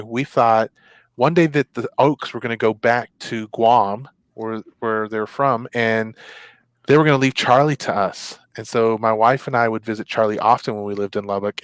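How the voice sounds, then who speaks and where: A man co-hosting a casual talk show, telling a story in an animated way and acting out his own past reactions in a raised voice. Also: lowish voice, smooth, no echo. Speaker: show co-host.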